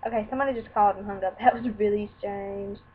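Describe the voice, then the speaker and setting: A young woman's medium-pitched voice, quick and fairly even in intonation, carries a candid, meandering personal story told to camera. As a vlogger, she acts out quoted lines from others, over tinny, low-fidelity audio with a faint hiss.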